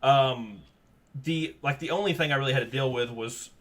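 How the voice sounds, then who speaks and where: A man in his thirties hosting a casual podcast chat, telling stories lively and acting out the people he quotes. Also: medium pitch, normal speed. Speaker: podcast host.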